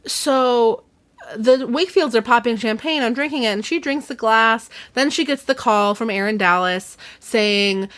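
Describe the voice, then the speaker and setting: A chatty young woman hosts a podcast, recapping a plot in a lively, laughing way. Her voice sits a bit high, with casual fillers. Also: unhurried. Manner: chatty, animated, laughing retelling. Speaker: podcast host. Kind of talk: casual chat recapping a book.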